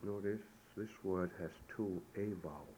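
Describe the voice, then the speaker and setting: A man giving a recorded language lesson, saying the sounds slowly and deliberately, one syllable at a time. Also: sits low, warm tone, poor audio. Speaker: language teacher. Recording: old tape recording with faint hiss.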